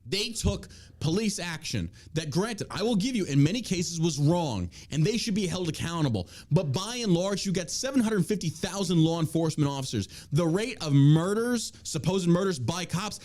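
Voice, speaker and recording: A podcast host delivers political commentary, reading news items aloud before launching into heavily profane rants aimed at his listeners. His voice is high, expressive and darkish in tone, moving at a moderate pace with hardly any pauses. He makes heated, preachy appeals to his audience.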